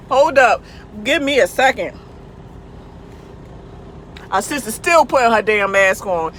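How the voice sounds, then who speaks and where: A woman's voice: on the high side, pushed and bright. A woman truck driver chatting casually and playfully with her livestream viewers, speaking into a phone. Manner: playful, goofy, talks back to viewers' comments. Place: outdoors by a truck at night. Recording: faint outdoor vehicle noise.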